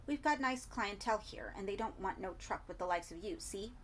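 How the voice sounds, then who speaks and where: A woman's voice: mid-range voice, animated, fairly quick, a little hiss or hum, lightly acted. A woman voicing a snide male hotel receptionist whose put-on posh diction slips into a London accent. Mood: sneering. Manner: clipped, sneering, slipping into cockney.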